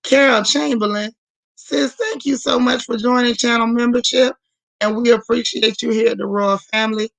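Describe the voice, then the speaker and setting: A woman hosts a live stream with a hoarse, gravelly voice. She chats casually and greets viewer after viewer by name. The sound is dry, with no room echo. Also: on the high side, a bit bright. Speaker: livestream host.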